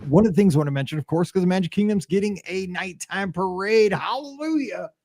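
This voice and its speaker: Chatty man with a bright, dry voice. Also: high-pitched, fast talker, no echo. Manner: rambling storyteller with many fillers, animated. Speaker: podcast host. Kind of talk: casual podcast chat.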